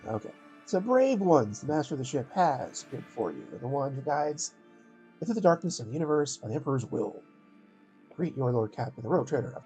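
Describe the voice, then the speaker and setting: A man's voice: mid-range voice, very animated, a little fast, warm tone, soft background music, low-quality recording. A man playing a game and reading its text aloud, joking and hesitant between grand speeches. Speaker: game player.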